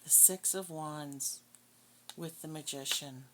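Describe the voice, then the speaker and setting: A woman with a very low voice reads tarot in a blunt, profane, scornful way. Loud shuffling and crinkling of cards runs behind her voice. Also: slow, background noise. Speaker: tarot reader. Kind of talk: casual tarot reading.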